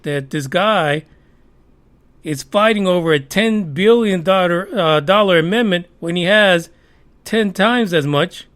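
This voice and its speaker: A man's voice: high voice, measured pace, fairly bright tone, smooth. A man hosting a podcast, giving heated, profane, sarcastic commentary on the news. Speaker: podcast host.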